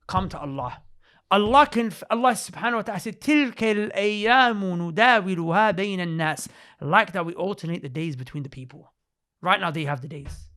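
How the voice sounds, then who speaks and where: A man talking with emotion in a religious podcast discussion, repeating himself for emphasis, restarting his sentences and reciting Arabic verses in quick bursts. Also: high voice, expressive, pushed and bright. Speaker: podcast speaker.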